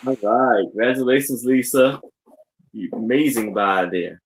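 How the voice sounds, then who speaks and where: A man co-hosting a live online sale, describing an old framed photo in slow, halting talk full of fillers. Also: medium pitch. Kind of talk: casual live sale chat.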